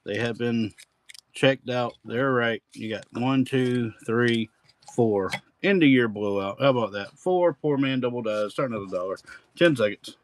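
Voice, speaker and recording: A man's voice: mid-range voice, normal speed, poor audio. A man hosting a live-stream coin auction with folksy, rambling auctioneer patter.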